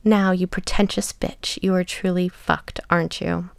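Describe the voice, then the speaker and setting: A woman voicing a cruel, sadistic man who speaks in a low, hushed, often whispered taunting tone. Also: flat delivery, measured pace, vocal fry, clear, resonant tone, no room sound. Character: cruel, sadistic adult man, a paying client.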